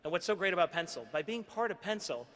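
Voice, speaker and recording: Bright-voiced man speaking in an echoey hall. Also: sits high, lively intonation, fast. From Queens, New York. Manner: earnest, self-deprecating storytelling. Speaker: award honoree giving a speech. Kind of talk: gala acceptance speech. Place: large banquet hall.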